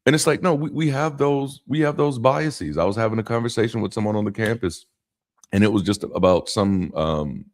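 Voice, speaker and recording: A man with a fairly low voice talks straight to his viewers in a loose, casual monologue. His delivery is animated, leaning on rhythmic emphasis, and he often restarts his sentences or breaks off into side remarks. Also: a little fast. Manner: frequent restarts and asides. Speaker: YouTube commentator.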